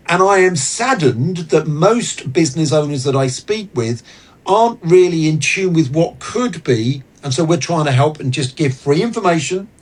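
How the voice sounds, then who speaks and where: A man guesting on an interview, explaining business ideas in an earnest, animated way. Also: a little high, slightly rough. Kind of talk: casual interview talk.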